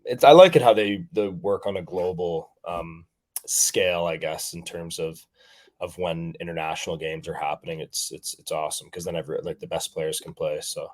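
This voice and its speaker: Young male athlete from Canada, deep voice, loose filler-heavy interview talk. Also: fairly even intonation, moderate pace. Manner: rambling, many fillers and restarts. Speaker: professional rugby player guest. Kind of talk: casual interview chat.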